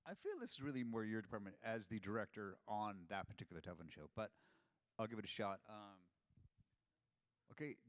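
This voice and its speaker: A man's voice: fairly low pitch, no echo, big-room sound. A man on a convention panel, chiming in with wry, witty remarks in casual Q&A. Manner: wry, quick witty interjections. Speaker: panel guest. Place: convention hall stage.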